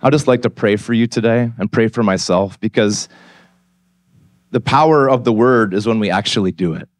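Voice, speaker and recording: Candid, earnest pastor preaching. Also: male voice, lowish voice, moderate pace, no echo. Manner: candid, conversational storytelling that builds to earnest appeal. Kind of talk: sermon. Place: church stage.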